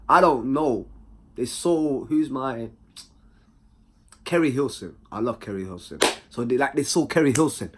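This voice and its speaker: A young man with a London accent telling a personal story in a slangy, animated way, full of tag questions. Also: mid-range voice, a little slow, husky. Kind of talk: casual anecdote.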